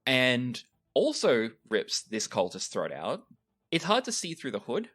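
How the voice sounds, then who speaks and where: A man narrating a tabletop game as game master, with lively storytelling and frequent restarts. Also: mid-range voice, measured pace.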